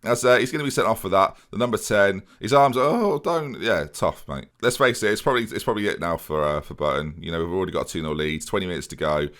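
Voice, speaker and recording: A young man hosts a gaming video, giving casual let's-play commentary straight to his viewers in a sardonic, self-mocking way. His voice sits low with a fairly bright tone, and he talks quickly with few pauses.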